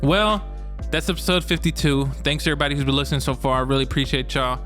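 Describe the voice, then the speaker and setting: A man's voice: fairly high pitch, fast, a bit bright, faint music behind. A man co-hosting a podcast in casual chat, laid-back, laughing easily and chipping in with short reactions. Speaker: podcast co-host.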